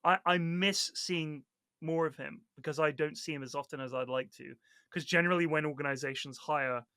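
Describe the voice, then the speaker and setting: Bright-voiced animated male storyteller. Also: on the high side, brisk, smooth, no echo, clean studio sound. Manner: animated storyteller, acts out quoted people, swears freely. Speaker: Dota 2 caster, podcast guest. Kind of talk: casual podcast chat.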